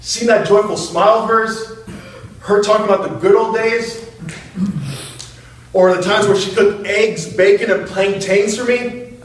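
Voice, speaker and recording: A man's voice: high voice, fairly even intonation, a little slow, pauses often. A man giving a storytelling motivational speech in a hall, playful and self-mocking, and he laughs often. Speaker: public speaker. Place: hall with an audience. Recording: echoey hall, mic far off.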